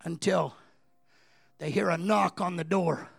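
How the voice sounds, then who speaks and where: A man preaching a sermon as a pastor, telling a story in a low, conversational voice that climbs into shouted, impassioned preaching. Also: fairly even intonation, measured pace, gravelly, faint music behind.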